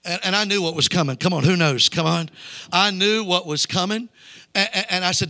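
A man's voice: high-pitched, a little fast, sharp tone, dry recording. A male evangelist preaching a revival sermon in a church, urging the congregation to call back lines. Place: church sanctuary.

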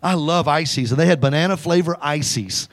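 A man's voice: fairly high pitch, normal speed. A man preaching a sermon, telling a story with emphasis and calling on the congregation to answer back. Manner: exhorting the congregation to call back.

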